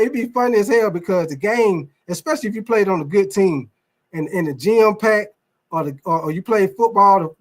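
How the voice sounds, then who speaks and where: Guy hosting a sports stream, loose rambling talk, swears a lot, keeps talking to the chat. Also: high voice. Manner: loose, rambling, profane, addresses viewers as y'all. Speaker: sports show host. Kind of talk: casual live sports talk, reacting to chat.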